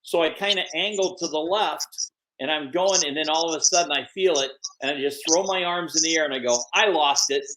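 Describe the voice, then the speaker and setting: An older man, a guest on an interview podcast, telling animated stories and acting out the people he quotes. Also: on the high side, fairly quick, low-quality recording. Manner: animated anecdotes, acts out quoted voices. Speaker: guest, MMA promoter and manager. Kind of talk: storytelling interview.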